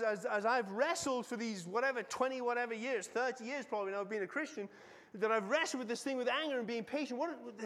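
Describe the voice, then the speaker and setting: A middle-aged man preaching a sermon as a pastor, telling the story dramatically and swinging between loud and hushed delivery. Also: very high voice. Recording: long reverb of a large hall.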